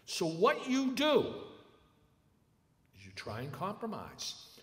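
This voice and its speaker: A man's voice: high voice, wildly swooping pitch, takes it slowly, pauses often. An older man giving a public lecture, telling stories emphatically in a large hall. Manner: emphatic storytelling with acted quotes. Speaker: lecturer, attorney. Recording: echoey hall with long reverb.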